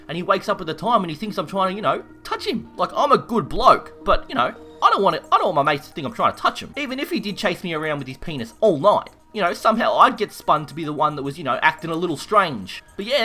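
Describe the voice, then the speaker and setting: A young Australian man telling a story in a rowdy, profane, animated way. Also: fairly high pitch. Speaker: YouTuber. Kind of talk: casual storytelling while gaming.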